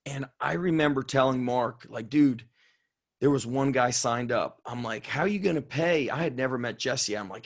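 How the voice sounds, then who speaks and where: A man who is a strength coach telling a story on an interview in an excitable way, swearing and laughing as he goes. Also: mid-range voice, moderate pace. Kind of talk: animated storytelling.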